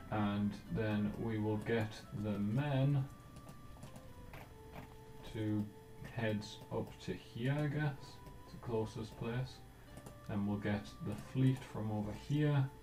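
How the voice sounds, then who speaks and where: A man hosting a let's play, commenting casually on his strategy game and thinking aloud in a relaxed, musing way. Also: medium pitch, roomy sound.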